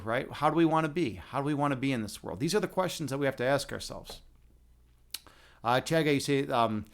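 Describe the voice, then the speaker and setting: A man hosting a casual livestream, rambling and chatting with viewers and swearing now and then. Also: medium pitch. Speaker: livestream host.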